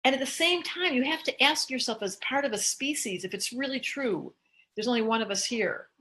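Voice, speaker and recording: A woman's voice: on the high side, brisk, pushed and bright, poor audio. An older woman, an astrologer, talking casually and animatedly on a live stream, laughing often. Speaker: astrologer host.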